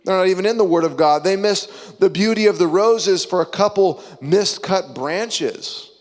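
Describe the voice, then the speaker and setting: A young adult man preaching a sermon in an animated, conversational way, acting out little quotes as he goes. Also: high voice, normal speed, big-room sound.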